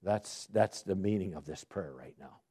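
A man preaching through a Bible passage. His pitch rises and falls a great deal, and his voice is mellow and slightly husky. He asks questions and answers them himself. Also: normal speed. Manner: lively, rising emphasis on key words. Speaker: Bible teacher. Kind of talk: sermon-style Bible study.

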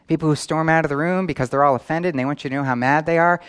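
A man's voice: fairly high pitch, fairly even intonation, rapid-fire, a bit bright. Man preaching with questions. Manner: asks the audience questions. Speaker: pastor. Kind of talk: sermon. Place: church in New York.

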